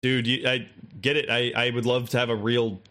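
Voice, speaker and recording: A man's voice: medium pitch, little pitch movement, moderate pace, sharp tone. A man in his twenties in a casual, profane, rambling chat as podcast co-host. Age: 20s.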